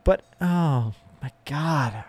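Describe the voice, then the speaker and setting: A man's voice: a little high, lively intonation, drawn-out words, darkish tone, no echo. A young man talking candidly and emotionally in a profane, exasperated monologue, with laughs and sighs.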